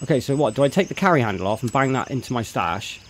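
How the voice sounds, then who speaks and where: A man's voice: medium pitch, expressive, fast. Chatty man streaming a game. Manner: chatty, thinks aloud, greets chat loudly. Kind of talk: live gameplay commentary.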